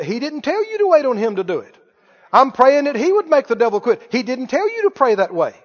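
A man's voice: very high voice, sing-song, a little fast. A man preaching a sermon, emphatic, firing questions at the congregation. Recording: muffled hall recording with long reverb.

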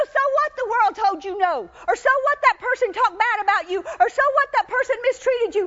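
Woman preacher, sermon delivery, sharp bright tone, emphatic repetition, muffled lo-fi sound. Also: very high-pitched, long reverb tail. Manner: emphatic, repetitive, rising to cries.

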